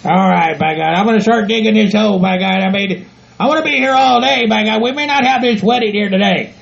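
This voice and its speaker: A man voicing a gruff, grumbling hillbilly rancher in a comedy audio skit, swearing and repeating himself constantly. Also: high-pitched, fairly quick. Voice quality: gravelly, exaggerated country hick voice. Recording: dull lo-fi home recording.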